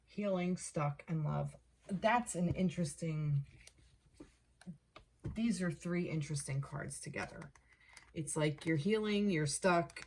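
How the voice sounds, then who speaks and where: A woman giving a casual tarot card reading, thinking aloud, repeating herself and getting excited over the cards. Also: on the low side, slight background noise. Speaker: tarot reader.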